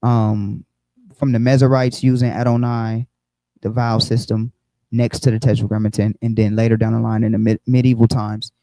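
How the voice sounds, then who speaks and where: A man's voice: medium pitch, mellow, dry recording, low-quality recording. A man teaching a Bible lesson on a livestream, explaining step by step and checking in often with "okay?" and "right?", with frequent fillers. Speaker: religious teacher.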